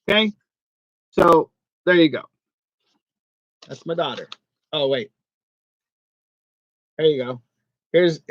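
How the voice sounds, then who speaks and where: A man's voice: high voice, no room sound. A man in a casual, rambling vlog who jokes, complains, and laughs easily. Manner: rambling, joking, quick to laugh. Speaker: online reseller vlogger. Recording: dull, lo-fi, dry sound.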